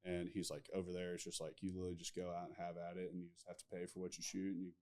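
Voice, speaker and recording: A man's voice: deep voice, completely flat delivery, very fast, a little mellow. A man hosting a podcast in casual chat, rambling through stories with lots of fillers. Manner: rambling, filler-heavy, laughs at his own stories. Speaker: podcast host.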